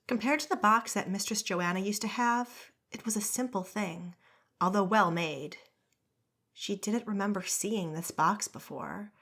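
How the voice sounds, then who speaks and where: A woman reading a fantasy audiobook in a steady, measured storytelling voice. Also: on the low side. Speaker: audiobook narrator. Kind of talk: scripted narration.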